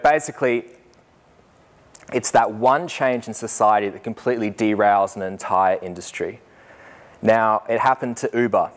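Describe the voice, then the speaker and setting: Animated young man telling a story. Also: medium pitch. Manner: animated, laughing, acts out voices in anecdotes. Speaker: student teacher. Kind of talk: storytelling talk.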